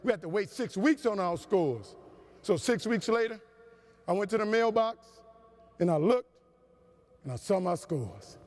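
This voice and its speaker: A man giving a humorous motivational keynote to a conference crowd, with an animated, preacher-like cadence. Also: high voice, unhurried, pauses often. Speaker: motivational speaker. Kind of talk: storytelling keynote speech. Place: large conference hall. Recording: long hall reverb.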